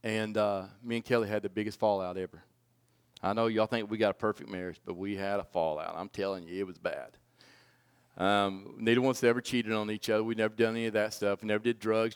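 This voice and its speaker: A man in his forties preaching a personal testimony, swinging from loud pleading to hushed, low confession. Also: clear, resonant tone. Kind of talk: sermon testimony.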